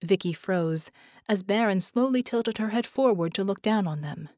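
A woman narrates a scripted audiobook, keeping her storytelling steady and measured in a mid-range voice. The sound is dry and of studio quality.

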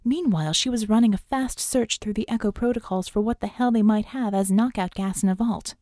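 Woman, audiobook narrator, steady, mellow, dry close recording. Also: medium pitch, fairly quick, dry recording. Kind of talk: scripted narration.

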